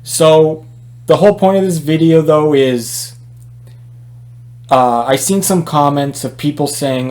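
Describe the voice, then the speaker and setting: A man's voice: on the high side, takes it slowly, pauses often, darkish tone. Casual, opinionated male boxing vlogger. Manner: conversational, opinionated, many fillers and restarts.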